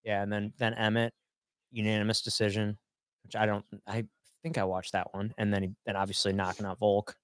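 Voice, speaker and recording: A man's voice: lowish voice, level tone, brisk, clear, resonant tone, no room sound, clean studio sound. A man hosting a podcast, chatting casually while watching fights, rambling with lots of fillers and restarts. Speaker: podcast host.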